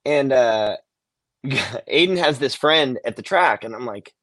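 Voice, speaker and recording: A man's voice: mid-range voice, lively intonation, measured pace, a bit bright, no echo, studio quality. An American man as a podcast guest, laid-back and crude, chuckling in casual chat. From United States. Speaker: guest, motorcycle test rider.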